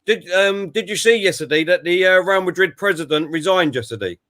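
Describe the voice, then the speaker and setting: A man's voice: high voice, a little fast, fairly bright tone. A man hosting a casual football chat, talking in a friendly way with many hesitations and fillers. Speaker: host.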